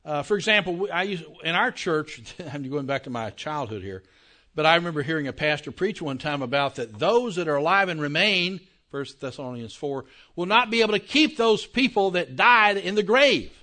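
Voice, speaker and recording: Animated, pushed and bright, this man teaches a Bible class at normal speed with a slightly raised pitch, lecturing his congregation classroom-style. He talks conversationally, checks repeatedly that listeners follow, and draws out emphasized words.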